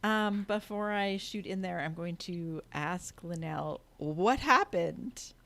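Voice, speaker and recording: Easygoing woman player, low voice. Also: measured pace. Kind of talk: casual tabletop game talk.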